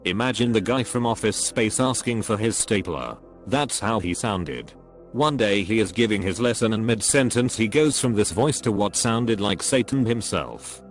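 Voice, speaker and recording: A man with a fairly low voice reads out one short story after another in a steady, even narration. Soft music plays quietly behind him the whole time. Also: moderate pace. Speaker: narrator reading online stories. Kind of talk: scripted narration. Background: faint background music.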